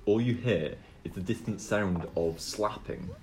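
Deep-voiced game master. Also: male voice, a little slow, crowd noise. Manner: casual, laughing, filler-heavy narration. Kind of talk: narrating a tabletop game.

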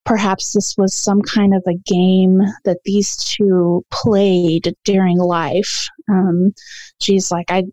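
A woman tells a childhood ghost story in a hesitant, meandering way, stopping often for ums and restarts. Her voice is mellow and soft-edged. The sound is dry, with no room around it. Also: mid-range voice, dry recording. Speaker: caller sharing a ghost story. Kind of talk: casual storytelling.

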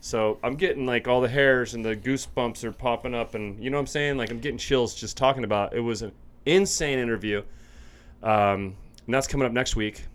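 A man hosting a surf podcast in casual chat, excitable and laughing often. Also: medium pitch, fairly quick, smooth. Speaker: podcast host.

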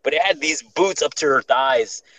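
A man's voice: a little high, moderate pace, a crowd in the background, poor audio. A young man hosting a casual podcast, telling a scary story with lots of swearing and restarts. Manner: profane, animated, restarts often.

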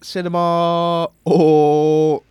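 A man's voice: fairly high pitch, level tone, drawn-out words, darkish tone, smooth, no room sound, studio quality. A man hosting a podcast with casual, teasing chat, swearing freely and rattling off long lists, with hiccups. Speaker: podcast host.

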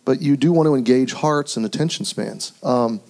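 A pastor hosting a round-table discussion, running briskly through a list of tips and often ending points with "okay?". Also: male voice, medium pitch, gravelly, a little mellow. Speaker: pastor and conference host.

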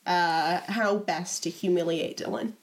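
A woman's voice: lowish voice, fairly even intonation, measured pace. Playful young woman reading her diary. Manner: playful, teasing, giggly. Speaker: podcast co-host reading old diary entries. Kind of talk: casual chat.

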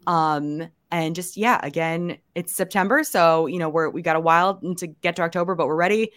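A young woman co-hosts a casual podcast, her voice sitting a little low. A cold has left her raspy, and she chats along quickly, dropping "like" into nearly every sentence. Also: a bit bright. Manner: chatty, quick, says "like" often. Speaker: podcast co-host.

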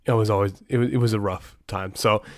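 A man's voice: lowish voice, steady tone, fairly quick, no room sound, studio quality. A middle-aged man hosting a podcast, telling stories in a rambling way with many restarts. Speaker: podcast host. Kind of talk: casual podcast storytelling.

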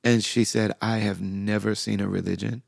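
A middle-aged man with a very low, deeply gravelly voice tells a reflective personal story as a podcast host. He speaks softly and with feeling, slipping into the voices of people he remembers. The sound is dry and close. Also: level tone, moderate pace, no room sound. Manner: soft-spoken, heartfelt, with frequent fillers and quoted dialogue.

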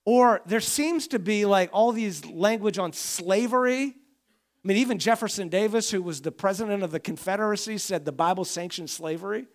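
Animated man preaching a sermon. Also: high voice, normal speed. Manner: conversational preaching, rising and falling in volume, acts out complaining voices. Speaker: pastor.

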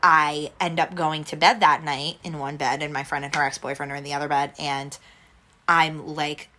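A woman's voice: sits low, flat delivery, moderate pace, pushed and bright. A young woman telling a personal story in casual chat, rambling and saying "like" over and over. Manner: rambling, heavy use of "like" fillers, restarts.

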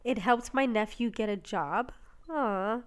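A woman's voice: a little high, takes it slowly. A woman co-hosting a podcast in casual chat, talkative, laughing often and swearing casually. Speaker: podcast co-host.

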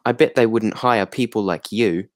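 A man's voice: on the low side, moderate pace, no room sound, clean studio sound, lightly acted. A man voicing a snooty British woman at a hotel, with a clumsy put-on accent.

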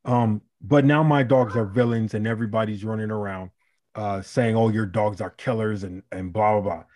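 Profane, animated man telling a story. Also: on the low side, normal speed. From Chicago. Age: adult, married. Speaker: podcast co-host. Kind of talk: casual storytelling chat.

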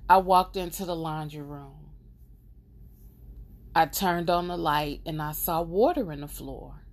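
A woman hosting her own podcast, telling a personal story in an emotional, expressive, casual way. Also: sits low, unhurried. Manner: casual, conversational. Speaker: podcast host.

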